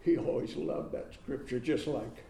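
A pastor preaching a sermon, repeating phrases for emphasis and reading scripture aloud with rising force. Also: male voice, medium pitch, steady tone, measured pace, mellow, a little hiss or hum. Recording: roomy echo.

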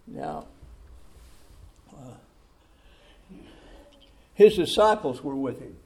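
A pastor preaching a sermon, repeating phrases for emphasis and reading scripture aloud with rising force. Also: male voice, a little high, slow, vocal fry, pauses often, a little mellow. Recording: roomy echo.

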